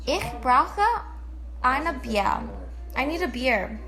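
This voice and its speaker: A young adult woman giving a playful, tipsy comedic language lesson on her vlog, swearing and breaking into sudden loud outbursts. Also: high-pitched, very animated, takes it slowly, gravelly, soft background music. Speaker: vlogger.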